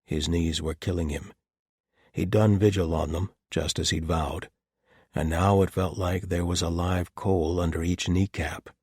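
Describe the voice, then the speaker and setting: A man narrating an audiobook in a calm, measured storytelling manner. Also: sits low, slightly rough, dry recording, clean studio sound. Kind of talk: scripted narration.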